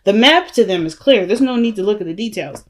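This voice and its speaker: A tarot reader gives her viewers a casual, chatty and emphatic reading, calling them "family" and "y'all" and often saying "you know" and "right?". Her voice is medium-pitched with lively intonation, and she talks fast.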